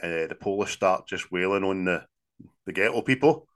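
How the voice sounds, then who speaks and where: Deep-voiced and speaking at normal speed, this Scottish podcast co-host walks through a film's plot in a relaxed review chat. His retelling is animated, full of swearing and laughter.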